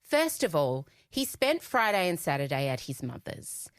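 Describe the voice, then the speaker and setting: Animated woman podcast host. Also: low-pitched, normal speed, smooth, dry recording, studio quality. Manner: animated, puts on voices in retold dialogue. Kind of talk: casual chat, comic storytelling.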